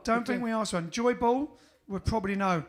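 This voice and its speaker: A man's voice: very high voice, moderate pace. A man, a band's singer, chatting casually with a bandmate on a livestream, rambling and joking, often trailing off mid-thought. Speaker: band singer and co-host.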